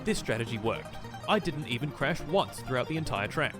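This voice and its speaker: A man giving deadpan comedic gameplay narration with sudden loud outbursts. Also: mid-range voice, fairly quick. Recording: voice over background music.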